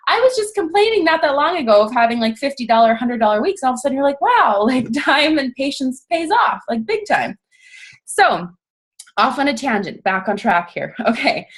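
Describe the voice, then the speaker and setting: A young woman giving a casual motivational talk, chatty and self-mocking, full of "like" and acted-out quotes. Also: a little high. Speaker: guest speaker on a coaching team call.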